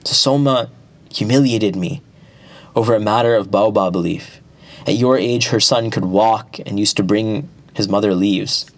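A man's voice: lowish voice, a little slow. A man voicing a grieving, humiliated royal mother in a spoken folk tale. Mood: aggrieved.

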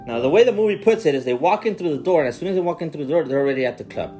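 A man on a casual podcast recaps a bizarre film with disbelief. His voice swings widely up and down and sits a little high. A faint guitar plays behind him. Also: racing. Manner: animated, incredulous storytelling with swearing. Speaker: podcast co-host. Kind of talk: casual movie recap chat.

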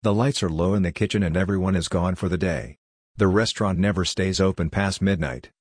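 A man narrating a story in an even, measured reading. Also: low voice, husky, dry recording, clean studio sound. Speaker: audiobook reader.

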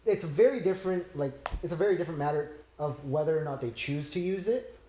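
A man's voice: a little high, fast talker, warm tone, slight background noise. Laid-back young man in an echoey room. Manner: laid-back, swears freely, acts out quoted friends. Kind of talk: casual podcast chat.

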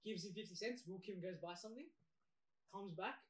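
A man's voice: high-pitched, fairly quick, background noise. A young man telling a school story in casual chat, laid-back and laughing. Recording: roomy, off-mic, crowd behind.

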